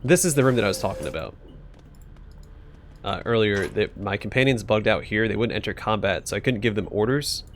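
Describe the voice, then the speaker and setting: A man's voice: lowish voice, animated, fairly quick, a little hiss or hum. A man hosting a let's play, reading game text aloud and casually thinking aloud as he plays.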